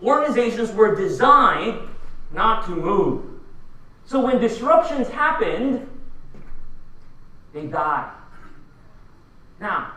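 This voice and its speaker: This keynote speaker from the Philippines has a high, bright, forceful voice and delivers a punchy talk in a large conference hall, peppering the audience with rhetorical questions. He's picked up from a distance, and the hall echoes.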